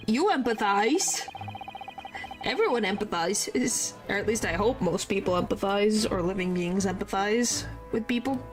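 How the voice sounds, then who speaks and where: A young adult woman streamer chatting casually over gameplay, playful and quick to indignation. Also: medium pitch.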